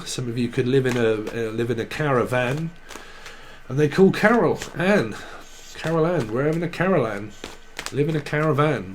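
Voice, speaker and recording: A man's voice: on the high side, slight background noise. A man with a Cockney accent giving a rambling tarot reading, riffing through names and word associations in a playful, swearing way. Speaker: tarot reader.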